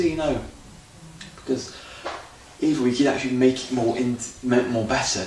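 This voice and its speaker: A man's voice: mid-range voice, slight background noise. A man rambling loosely and unscripted through his audition tape to a camera, restarting his sentences often. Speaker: auditioning amateur actor. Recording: echoey room, distant camera mic, faint ambience.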